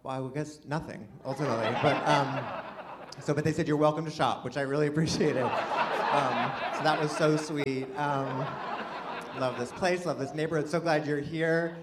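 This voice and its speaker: Male stand-up comic, higher-pitched, rambling and self-mocking, loud live room with laughter behind. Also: steady tone, normal speed. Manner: rambling, self-deprecating, swings from mumbled asides to shouted bursts. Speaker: stand-up comedian. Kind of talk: stand-up set. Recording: live club mic with audience noise. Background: audience laughter.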